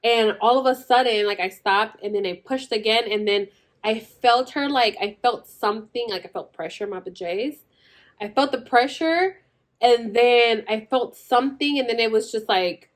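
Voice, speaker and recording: A young woman vlogger telling her birth story in a chatty way, full of "like" and "girl", acting out the other people's lines. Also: a little high. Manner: chatty, says "like" and "girl" constantly, acts out quoted voices. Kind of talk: casual storytelling.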